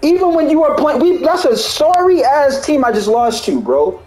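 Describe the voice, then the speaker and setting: A gaming YouTuber in a heated state rants angrily to his viewers about gameplay, swearing, repeating himself, and ending lines with "bro." His very high, sing-song voice moves at normal speed and is a little mellow. The recording is reverberant and poor.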